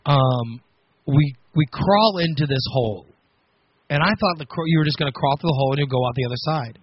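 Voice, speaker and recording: A man hosting a radio show, telling a story on air in a casual, animated, self-mocking way with frequent laughs. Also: on the high side, brisk, breathy edge, muffled recording. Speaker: radio host.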